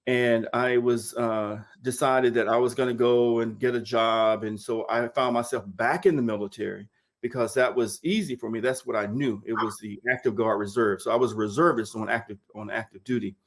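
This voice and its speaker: A middle-aged man from Mississippi recounts his path into nursing in a relaxed oral history interview. He brings the story alive by acting out the lines of the people in it, and often repeats words as he goes. He sits at a mid-range pitch and talks over a video call. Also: normal speed. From Mississippi, United States. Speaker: nurse interviewee.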